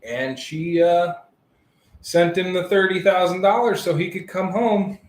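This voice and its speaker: A man's voice: sits high, measured pace, roomy sound, low-quality recording. A man co-hosting a casual podcast, telling a story and laughing often as he talks. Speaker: podcast co-host. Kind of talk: casual chat.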